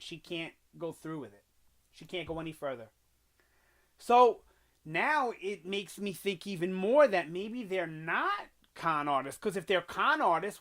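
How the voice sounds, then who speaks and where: A man's voice: on the high side, fairly bright tone. A man casually reviewing a TV episode, rambling with many fillers and restarts as he retells scenes, recorded on a home microphone. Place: home room with an echo he notices.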